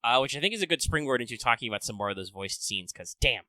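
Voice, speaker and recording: A man co-hosting a casual gaming podcast, animated and swearing freely, acting out character lines. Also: medium pitch, quick pace, no echo. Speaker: podcast co-host.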